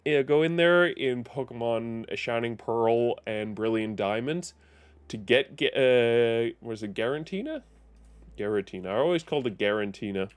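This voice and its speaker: A man's voice: medium pitch, smooth, no room sound. A man streaming live, chatting casually and rambling, often correcting himself and chuckling. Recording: faint music behind.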